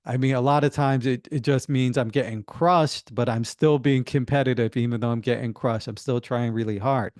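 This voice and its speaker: A middle-aged man hosts a solo podcast, thinking aloud in a relaxed, halting way. His voice is smooth and resonant, at an ordinary male pitch. The recording is dry and close, with no room sound. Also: no echo. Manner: halting, many restarts and "you know". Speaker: podcast host. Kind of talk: casual solo monologue.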